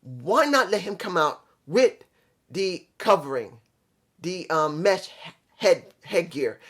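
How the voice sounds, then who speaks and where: A man's voice: high voice, sing-song, takes it slowly, a bit bright. A man from New York reviewing a wrestling show, talking bluntly and profanely, venting his frustration and talking straight to his subscribers. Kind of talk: ranting casual review.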